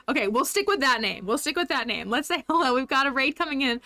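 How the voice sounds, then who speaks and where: A woman's voice: high-pitched, brisk, few pauses, pushed and bright, dry recording. A woman livestreaming a game, chatting upbeat with her viewers and laughing often. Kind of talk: casual livestream chat with viewers.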